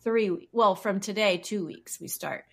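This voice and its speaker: Relaxed woman podcast co-host. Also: medium pitch. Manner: relaxed, lots of fillers, quick laughs. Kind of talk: casual chat.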